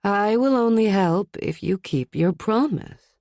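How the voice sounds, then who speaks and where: A woman's voice: mid-range voice, animated, a little slow, darkish tone, no room sound, clean studio sound. A woman voicing a wheezing ghost that possesses a young woman in an audiobook. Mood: strained. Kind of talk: audiobook character voice.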